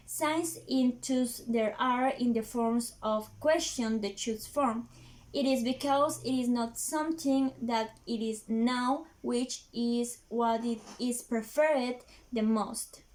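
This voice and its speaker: A woman whose first language is Spanish presents an English grammar lesson, halting and full of fillers and restarts. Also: on the high side, a little mellow. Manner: slow, halting, many fillers and restarts, non-native phrasing.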